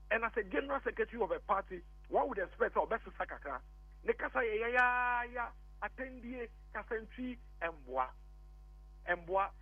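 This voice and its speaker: A man's voice: high-pitched, breathy edge, dry recording. A Ghanaian man arguing politics as a radio guest, insistent and repetitive, switching between English and Twi. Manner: insistent, repeats points, mixes English and Twi. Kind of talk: heated political argument on a phone-in. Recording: tinny phone line, dry.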